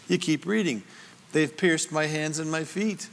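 A man preaching an expository Bible teaching sermon, swinging from booming scripture reading to quiet asides. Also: measured pace, gravelly, in a large hall, slight background noise. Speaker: pastor.

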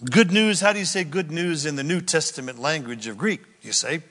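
A man's voice: fairly high pitch, brisk, fairly bright tone, in a large hall. A man preaching a sermon, teaching through Bible verses and acting out the people in them. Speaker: pastor.

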